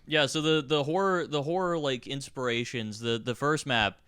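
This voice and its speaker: Bright, clear-voiced young man. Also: medium pitch, steady tone, normal speed, no room sound, studio quality. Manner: rambling, laughing, swearing often. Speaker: podcast co-host. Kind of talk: casual gaming podcast chat.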